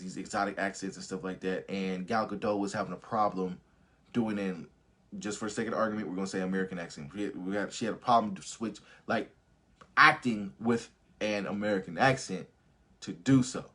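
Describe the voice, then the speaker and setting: A man with a low-leaning, husky voice hosts a casual live movie review stream. He talks animatedly, swears a lot, laughs often and reads viewer comments aloud.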